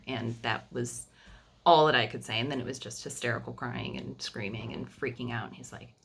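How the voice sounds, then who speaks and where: A woman in her thirties talks into the camera at home in a personal video diary. Her voice sits low, with a husky, gravelly edge. She sounds emotional and halting, and often circles back over her own phrases. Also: a bit bright. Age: 30s. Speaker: vlogger sharing family news.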